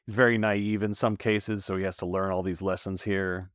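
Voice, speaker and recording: A man's voice: sits low, flat delivery, normal speed, dry recording, clean studio sound. A man co-hosting a podcast, casually analyzing an episode's characters with the odd comic aside. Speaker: podcast co-host. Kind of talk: casual chat recapping an episode.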